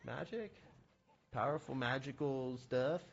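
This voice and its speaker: A man's voice: medium pitch, unhurried, vocal fry, slightly rough, dull audio. A young man streaming games, chatting casually in a rambling, slangy, joking way. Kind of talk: casual gaming stream chat.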